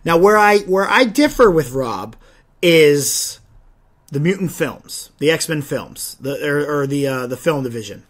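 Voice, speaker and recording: A young man hosting a solo podcast, talking in an animated, rambling way with frequent restarts and stumbles. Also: on the high side, measured pace. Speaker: podcast host.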